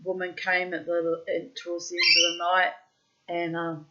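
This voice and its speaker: A woman telling a story in a casual monologue, animated and theatrical, often laughing. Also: lowish voice, normal speed. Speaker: vlogger. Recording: dull lo-fi sound.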